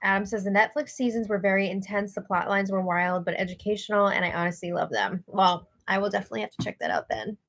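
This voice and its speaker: An American woman co-hosting a casual live stream, chatty and excitable, reading out viewer comments and laughing often. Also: medium pitch, fast talker, few pauses. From United States.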